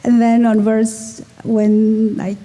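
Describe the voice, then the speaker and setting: A woman's voice: fairly high pitch, little pitch movement, slow pace, dark tone. A woman in the audience asks a question, hesitating and thinking aloud as she works out what she wants to ask. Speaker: audience member asking a question.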